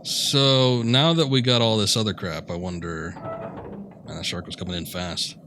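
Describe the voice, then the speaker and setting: A gaming streamer with a fairly low, fairly even voice gives laid-back, jokey let's-play commentary at a moderate pace, laughing often. He uses headphones and a desk mic, and there's background noise.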